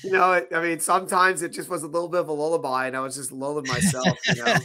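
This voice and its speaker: A man co-hosting a podcast in casual chat, jokey and animated. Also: a little high, quick pace, a loud crowd. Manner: jokey and animated, playful asides. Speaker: podcast co-host.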